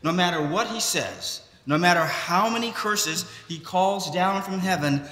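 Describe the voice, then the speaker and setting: A man delivers a sermon at a slow, deliberate pace, his voice bright and fairly high for a man. The sound rings through a large church with a long reverb trailing each phrase. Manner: slow, measured preaching with occasional restarts. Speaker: priest. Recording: echoey church hall.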